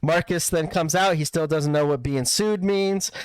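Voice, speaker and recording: A man co-hosting a podcast, recapping events in a lively way and acting out what people said. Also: fairly high pitch, normal speed, smooth, no room sound. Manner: animated storytelling, acts out quotes. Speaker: podcast co-host.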